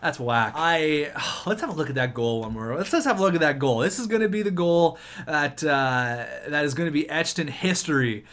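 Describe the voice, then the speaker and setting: A man giving excitable gameplay commentary on a hockey video game, shouting at the big plays. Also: on the high side, normal speed, few pauses. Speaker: gaming YouTuber.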